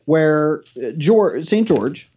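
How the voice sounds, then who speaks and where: A man's voice: on the high side, big pitch swings, drawn-out words, dark tone, highs cut off. A man appearing as a talk show guest, telling a story with animation and acting out the dialogue himself.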